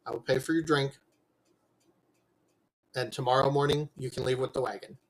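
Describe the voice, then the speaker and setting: A man voicing an earnest male merchant patron who bargains in a steady, insistent way. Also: medium pitch, moderate pace, close to an everyday voice, low-quality recording. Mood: firm. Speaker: game master.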